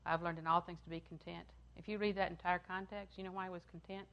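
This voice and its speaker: An older woman preaching a sermon, repeating phrases for emphasis and swinging from loud, emphatic lines down to hushed ones. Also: fairly low pitch, flat delivery, fast, vocal fry, muffled recording.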